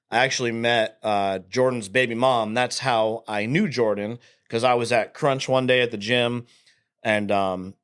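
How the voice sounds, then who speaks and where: A man's voice: mid-range voice, a bit bright. A man in his thirties, a podcast guest telling stories in casual, profane chat and laughing often.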